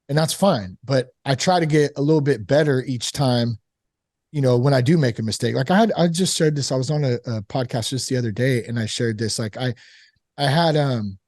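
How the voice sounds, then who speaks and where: A man casually telling a candid personal story about fatherhood and recovery, animated, full of "like" and "you know". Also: medium pitch, no echo, studio quality. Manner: candid, animated, acts out quoted voices; frequent fillers like "like" and "you know". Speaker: sober father on a recovery podcast.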